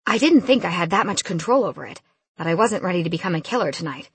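Husky expressive woman narrator. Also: fairly low pitch, fast talker, no room sound. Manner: expressive, lively storytelling. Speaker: audiobook narrator. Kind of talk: first-person fantasy audiobook narration.

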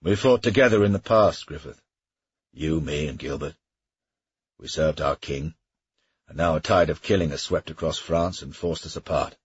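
A man voicing a talkative, teasing Welsh mercenary captain in an audiobook, with a husky voice. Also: very deep voice, moderate pace, long pauses, dry recording, lo-fi sound, full character voice. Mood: earnest. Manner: wry, chatty, teasing. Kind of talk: audiobook character reading.

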